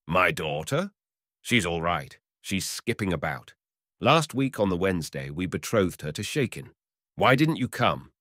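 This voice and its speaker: Brief: male narrator playing a smug, penny-pinching older man in a storybook; brisk, dismissive, very low voice. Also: very animated, a bit bright, dry recording, studio quality, full character voice. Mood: chatty. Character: older man, smug miserly customer, blunt.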